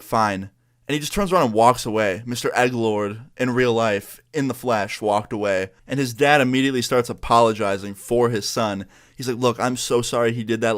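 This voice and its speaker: A young man from New York, a YouTuber telling a story in a casual way and acting out what everyone said. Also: fairly low pitch. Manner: animated, acts out the other people's lines.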